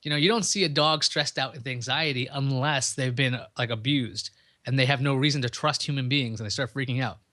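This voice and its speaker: A man hosting a podcast, speaking in a relaxed, conversational way. He works through his points with simple examples. His voice sits at a middle pitch, and the recording is dry and close. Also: brisk, no room sound. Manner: conversational, chatty, explains with examples. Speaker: podcast host. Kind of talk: casual explanatory monologue.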